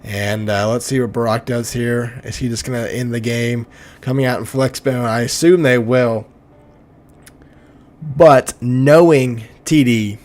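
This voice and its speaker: A man's voice: mid-range voice, darkish tone. A young man from Oklahoma doing joking play-by-play commentary on a video game football league, often laughing and stumbling over names.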